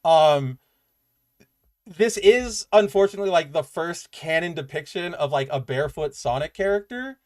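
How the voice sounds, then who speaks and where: Male podcast co-host, chatty and loose, a touch higher-pitched, casual comics rundown. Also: moderate pace. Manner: chatty and animated, loose fillers and asides. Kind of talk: casual comic book review chat.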